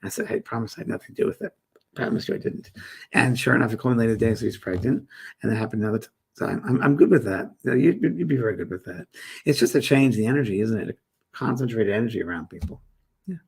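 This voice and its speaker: A middle-aged man, host and medium of a live spiritual chat show, rambles casually while reading viewer comments aloud and answering them. His medium-pitched voice moves fast, with vocal fry and a breathy edge.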